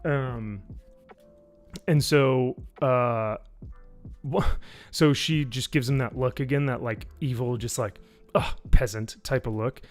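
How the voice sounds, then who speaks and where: A man's voice: medium pitch, takes it slowly, long pauses, faint music behind. Rambling, sarcastic man recapping a show. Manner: rambling, sarcastic and profane, with many fillers. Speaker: YouTube reviewer on a live stream. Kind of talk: casual live-stream plot recap.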